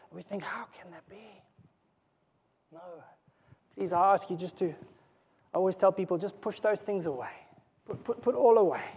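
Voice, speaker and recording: In a church sermon, this pastor speaks with earnest pleading. Time and again his voice falls soft and low, then rises once more.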